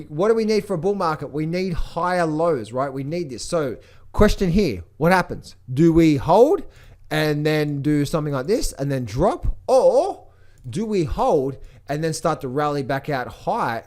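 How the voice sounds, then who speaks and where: Excitable male trading host, lively pitch, slightly high, repetitive and playful. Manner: excitable, repeats phrases, jokey chipmunk impressions. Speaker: trading educator giving a market update. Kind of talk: animated casual market commentary.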